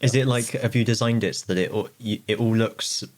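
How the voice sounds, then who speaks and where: A man's voice: on the low side, fairly even intonation, fairly quick, darkish tone. A man co-hosting a podcast, joking and giggling through his bits. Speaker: podcast co-host. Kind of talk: casual chat.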